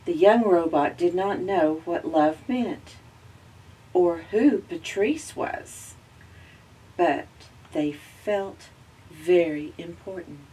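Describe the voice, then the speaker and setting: A woman with a Southern American accent reading a children's picture book aloud, gently and slowly, lifting her voice for the characters. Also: lowish voice, husky, recorded from a distance. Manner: gentle, slow storytelling with raised voices for characters.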